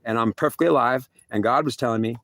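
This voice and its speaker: Gravelly man rambling through a story. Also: medium pitch, fast talker, a bit bright, no echo. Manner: restless, repeats himself, full of "like" and "literally". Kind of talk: rambling first-person story.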